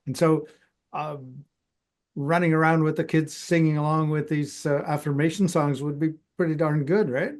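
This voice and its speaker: A man hosting a podcast, asking curious questions and explaining points slowly and carefully. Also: on the high side, steady tone, darkish tone. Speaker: podcast host. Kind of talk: casual interview chat.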